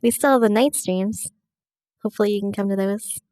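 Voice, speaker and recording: A woman's voice: medium pitch, a little fast, a little mellow, no room sound, studio quality. A woman game streamer chatting casually with her viewers, giggly and friendly, reading out chat messages. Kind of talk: casual let's-play chat.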